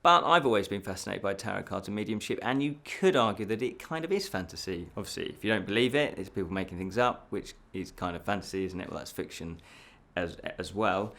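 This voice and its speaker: A man's voice: sits low, lively intonation, a little fast, vocal fry, a bit bright. A man hosts a casual fantasy news show, chatty and laughing at his own slips.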